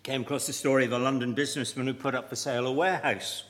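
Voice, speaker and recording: A man preaching a sermon, deliberate and emphatic, with measured pauses. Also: mid-range voice, steady tone, a bit bright. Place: church. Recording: long reverb of a church hall.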